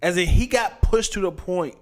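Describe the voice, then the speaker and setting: A man's voice: high-pitched, moderate pace, over music. A man in his thirties on a podcast, telling loose stories in casual chat, acting out crying children and angry dads, laughing often. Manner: loose storyteller, laughs, acts out voices. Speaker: podcast co-host.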